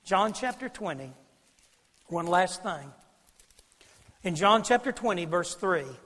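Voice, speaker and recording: A man preaching a sermon as pastor, emphatic and preacherly, swinging from loud declarations to low, intimate asides. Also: expressive, takes it slowly. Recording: long reverb of a large hall.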